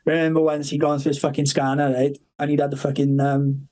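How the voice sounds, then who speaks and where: A man's voice: fairly high pitch, little pitch movement, brisk, dark tone, poor audio. A man telling rambling anecdotes as a podcast guest, swearing constantly and breaking into laughter. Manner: heavy swearing, laughing, acting out quoted voices. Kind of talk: casual anecdotal storytelling.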